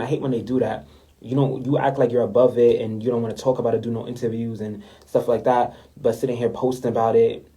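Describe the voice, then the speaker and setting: A man's voice: medium pitch, dark tone, poor audio. A young man ranting in a story-time vlog, indignant and repetitive, talking straight to his viewers. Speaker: vlogger. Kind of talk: story time rant to camera.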